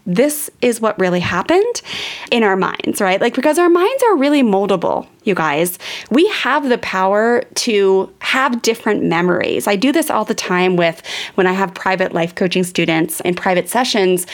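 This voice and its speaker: A woman in her thirties, a parenting educator, talks straight to her listeners in a candid, chatty monologue. She strings thoughts together loosely, with plenty of fillers. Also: mid-range voice. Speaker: parenting educator and podcast host. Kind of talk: casual storytelling monologue.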